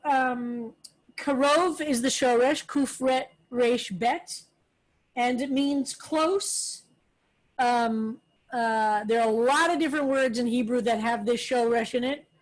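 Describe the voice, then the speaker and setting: A woman rabbi leading a text study, explaining words slowly with many pauses and fillers. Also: sits high, low-quality recording. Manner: slow, explanatory, with frequent fillers. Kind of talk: relaxed Hebrew text lesson.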